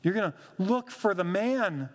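A man's voice: high voice, lively intonation, unhurried, big-room sound. A man, a pastor, giving a conversational sermon with humorous asides, reading scripture aloud.

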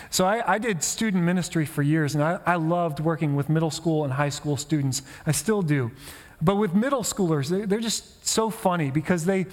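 Conversational preaching man, reverberant hall. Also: high voice. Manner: conversational, with rhetorical questions. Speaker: pastor. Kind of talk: sermon.

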